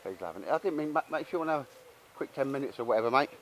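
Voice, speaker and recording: A man's voice: medium pitch, lively intonation, very fast, a little hiss or hum, low-quality recording. A man chatting casually and rambling at a woodland camp outdoors. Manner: chatty, rambling, laughs often. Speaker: host.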